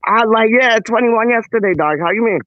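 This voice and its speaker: A man from Canada speaks in a high, light voice, joking around in slang. The sound is dry and close, with the dull, low-fidelity tone of a live stream. He stays hyped and playful throughout. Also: brisk, no room sound. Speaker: guest. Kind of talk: casual live stream chat.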